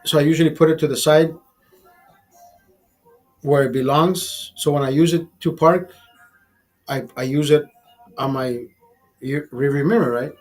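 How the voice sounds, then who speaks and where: Husky man telling a crude rant. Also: a little high, a little slow, long pauses, a little mellow, faint music behind. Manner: crude, bitter and petty. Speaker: livestream host. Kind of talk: profane storytelling rant.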